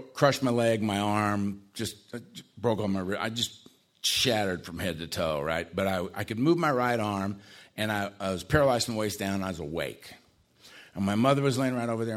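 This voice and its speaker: A man telling his own life story in a casual, conversational way, with dark humor and frequent tag questions. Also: lowish voice. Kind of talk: personal testimony talk.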